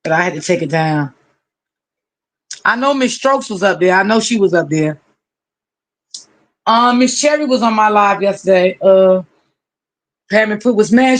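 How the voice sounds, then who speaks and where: A livestream host chats casually, greeting viewers one at a time by name and stretching out each hello. Warmly familiar, they call people honey and baby. The voice is medium-pitched and a little slow, with long pauses.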